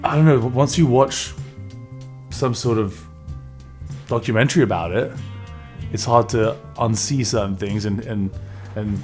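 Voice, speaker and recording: A man, a band's bassist, giving easygoing, measured interview answers. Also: darkish tone, faint music behind. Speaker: band bassist.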